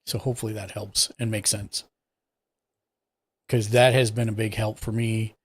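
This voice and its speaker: Clicking through his setup, a live-stream tech support host explains each step in a relaxed, casual way. He has a fairly low pitch with a breathy edge and keeps a moderate pace.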